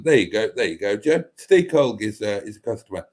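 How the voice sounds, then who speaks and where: Lowish-voiced man chatting on a livestream. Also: sing-song, brisk, darkish tone. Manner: rambling, chatty, many ums and restarts. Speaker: YouTube channel host. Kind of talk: casual livestream chat reading viewer comments.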